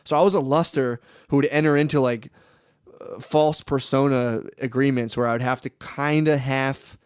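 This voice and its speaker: A man's voice: mid-range voice, steady tone, normal speed, clean tone, no room sound, studio quality. A man hosting a comedy podcast, rambling through profane, self-mocking riffs with acted-out quotes. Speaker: podcast host. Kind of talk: casual comedy chat.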